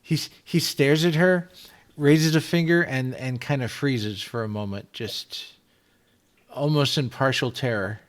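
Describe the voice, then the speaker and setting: A man's voice: medium pitch, unhurried. A man playing a tabletop game in character, stammering and flustered. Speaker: player.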